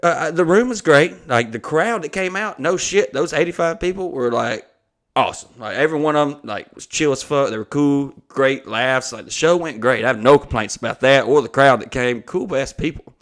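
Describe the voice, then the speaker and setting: Profane, rambling comedian telling a story. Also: male voice, mid-range voice, moderate pace. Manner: rambling, profane, animated retelling. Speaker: comedian and podcast host. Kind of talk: casual storytelling.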